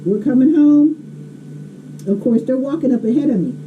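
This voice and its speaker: A woman's voice: high-pitched, moderate pace. A woman telling a story in a blunt, emphatic way, laughing often. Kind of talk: casual storytelling. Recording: slightly dull, faint hiss.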